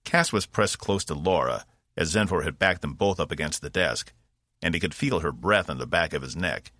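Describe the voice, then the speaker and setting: Male audiobook narrator, deep voice, measured and expressive, dry close recording. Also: no echo. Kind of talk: scripted narration.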